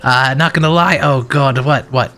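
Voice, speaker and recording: A man with a Brooklyn accent chatting on stream, loud, laughing and swearing a lot. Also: medium pitch, normal speed, soft background music. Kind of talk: casual stream chat.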